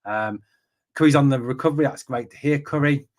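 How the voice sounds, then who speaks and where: An English man hosts a live-streamed football podcast, reading viewer chat aloud and answering each comment in turn. He talks in a chatty, loose way, full of ums and quick asides. His voice sits at an ordinary middle pitch for a man. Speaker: podcast host.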